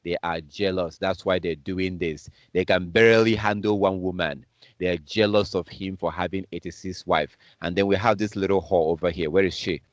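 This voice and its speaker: A man's voice: low-pitched, steady tone, normal speed, no room sound, studio quality. A man from Africa commenting on news clips as a preacher, in a heated, repetitive and scornful way. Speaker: online preacher.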